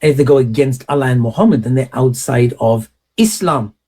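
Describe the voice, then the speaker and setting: Male host, husky and mellow, rhetorical commentary with a mocking, emphatic edge. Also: medium pitch, a little fast. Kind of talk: opinionated commentary monologue.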